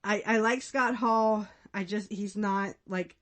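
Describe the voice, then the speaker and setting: Taking things slowly, a podcast host in her thirties gives casual commentary in a steady, medium-pitched voice. She laughs frequently and fills her chat with fillers.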